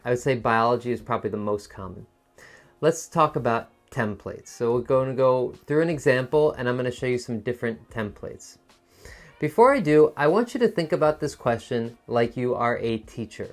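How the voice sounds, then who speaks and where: Encouraging male test-prep teacher. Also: medium pitch. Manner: encouraging, explains step by step with examples.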